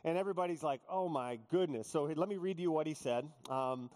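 A male pastor preaching a sermon, joking with the congregation and acting out quotes in animated storytelling. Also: on the high side, fast talker. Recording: long hall reverb.

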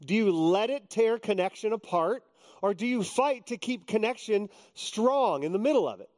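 A man's voice: sits high, animated, normal speed, darkish tone, long reverb tail. A man in his fifties, a pastor preaching a sermon in a joking, conversational way. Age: 50s.

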